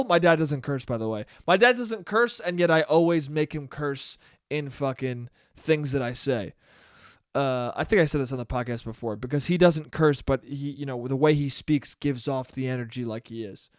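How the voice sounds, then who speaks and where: Rambling, profane young podcast host. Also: male voice, medium pitch, moderate pace, clean tone, no room sound, studio quality. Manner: rambling, profane, self-mocking. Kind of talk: casual solo podcast monologue.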